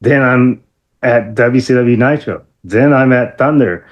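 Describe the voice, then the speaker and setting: A middle-aged man, a former wrestler, telling animated stories as an interview guest, excitable, with many fillers and sudden high-pitched outbursts. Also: a little slow. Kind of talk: animated storytelling.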